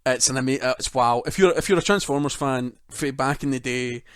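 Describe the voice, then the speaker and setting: A man's voice: mid-range voice, a little fast, clear, resonant tone, dry recording, studio quality. A man co-hosting a casual gaming podcast, enthusiastic and joking, swearing freely. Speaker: podcast co-host.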